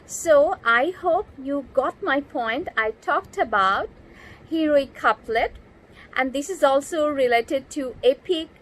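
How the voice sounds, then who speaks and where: A woman with a Bangladeshi English accent giving a recorded literature lecture to her students, slow and deliberate, stressing syllables one at a time. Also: sits high, rough recording.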